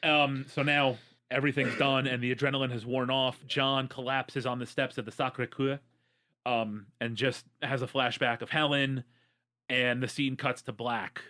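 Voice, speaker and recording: A man's voice: mid-range voice, level tone, normal speed, sharp tone. Wry, joking man recapping a movie. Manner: joking, wry storyteller, many "um"s. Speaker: podcast co-host. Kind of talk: casual movie recap chat.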